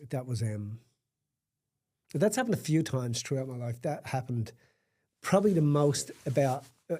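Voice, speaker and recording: A man's voice: mid-range voice, mellow. A middle-aged man, a podcast guest telling a candid personal story, emphatic and raw, with blunt swearing.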